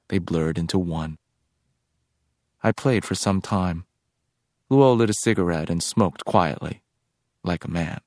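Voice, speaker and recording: Audiobook: deep-voiced man narrating in a measured, reflective way, dry close sound. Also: darkish tone, no room sound.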